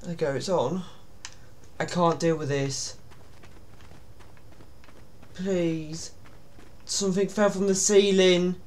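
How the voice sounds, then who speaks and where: A man's voice: sits high, normal speed, darkish tone. A man giving nervous, jumpy commentary while playing a horror game. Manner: jumpy, nervous, often pleading to himself. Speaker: gaming YouTuber.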